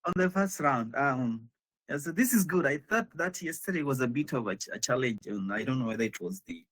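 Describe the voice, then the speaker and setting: A man at a mid pitch with a slightly husky voice, chatting casually as a guest before a live online talk. He speaks hesitantly and in halting phrases, often restarting what he says. He is heard through a video call. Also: animated, a bit bright. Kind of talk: casual pre-show chat.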